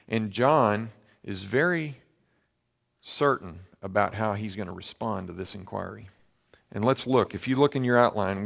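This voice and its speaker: Man, pastor, sermon, emphatic, dynamic swings, mid pitch, dull lo-fi recording. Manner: emphatic preaching with dramatic shifts in loudness.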